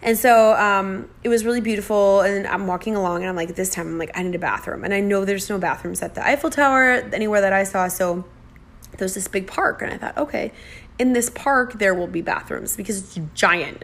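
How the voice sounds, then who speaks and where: A woman's voice: mid-range voice, brisk, fairly bright tone. A woman from the United States casually telling a chatty, self-deprecating travel story and acting out the dialogue.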